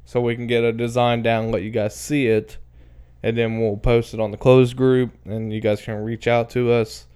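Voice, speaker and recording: Blunt, clear-voiced male co-host. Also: mid-range voice, little pitch movement, normal speed, darkish tone. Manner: blunt, crude, laughing. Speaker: podcast co-host. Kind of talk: casual chat.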